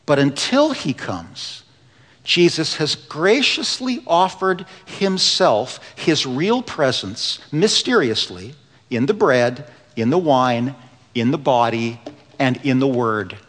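A man preaching a sermon in a church, telling stories earnestly, dropping to a hush and then building with emphasis. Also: mid-range voice, animated, takes it slowly. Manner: earnest storytelling preacher, swings between hushed and rising emphasis. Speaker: pastor. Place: church sanctuary. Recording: long reverb of a large hall.

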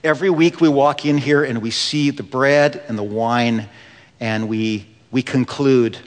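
A man preaching a sermon in a church, telling stories earnestly, dropping to a hush and then building with emphasis. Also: mid-range voice, unhurried. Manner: earnest storytelling preacher, swings between hushed and rising emphasis. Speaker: pastor. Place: church sanctuary. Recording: long reverb of a large hall.

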